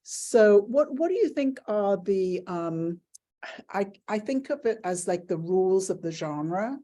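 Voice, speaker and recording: A middle-aged woman from England hosting an interview over a video call, chatty and animated as she tells stories and acts out quotes. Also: medium pitch, a little slow. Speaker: interview host. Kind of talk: casual conversational interview.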